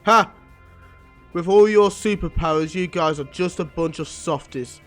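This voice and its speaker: A man's voice: sits high, unhurried, a bit bright, faint music behind. Cocky young ice prankster, read by a man; teasing, jeering. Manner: jeering, playful.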